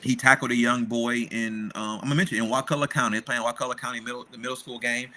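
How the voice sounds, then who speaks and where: Earnest man host, bright voice. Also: mid-range voice, little pitch movement, fast. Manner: earnest storytelling, frequent "right?" and "man". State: emotional. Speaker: discussion host, father. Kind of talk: heartfelt panel conversation.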